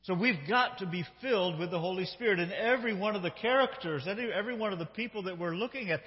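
A man's voice: sits high, fast talker. A male lead pastor preaching a sermon, reading scripture aloud with emphatic character lines and asking the congregation questions. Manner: conversational, asks the congregation questions. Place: church sanctuary. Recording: dull reverberant church hall sound.

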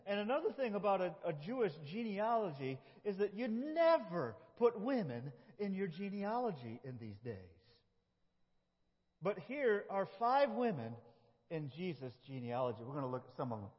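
A man's voice: high voice, very animated, moderate pace, husky. A middle-aged man from upstate New York, a pastor preaching a folksy, self-deprecating sermon with frequent laughs in a church. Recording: dull lo-fi sound with long hall reverb.

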